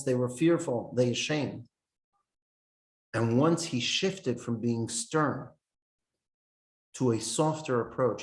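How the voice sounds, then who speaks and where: A man teaching a Torah lesson in an earnest, explanatory sermon style, quoting texts and commentators as he goes. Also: medium pitch. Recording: echoey room.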